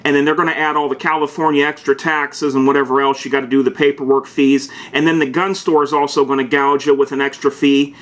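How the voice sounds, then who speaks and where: A man hosts a casual home video in a mid-range voice. He reads aloud in a stiff, emphatic way, then drops into quick, casual asides to the viewer. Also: mid-range voice, flat delivery, fairly bright tone. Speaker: gun video host. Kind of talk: reading aloud and commenting, casual vlog.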